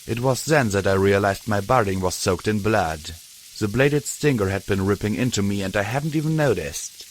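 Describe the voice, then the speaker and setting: A man's voice: fairly low pitch, slight background noise. A man narrating a fan fiction audiobook in the first person.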